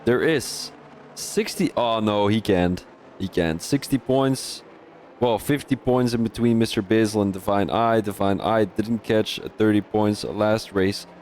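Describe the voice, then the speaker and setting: A man giving live-stream commentary on a sim racing league, excitable, jumping up at overtakes, with many restarts. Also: lowish voice, measured pace, slight background noise.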